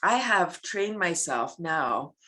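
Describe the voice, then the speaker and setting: A middle-aged woman, a laughter club founder and guest, chatting casually in an animated way, acting out little scenes and breaking into laughter. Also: slow pace. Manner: animated, acts out scenes with sudden high-pitched voices and bursts of laughter. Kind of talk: casual interview chat.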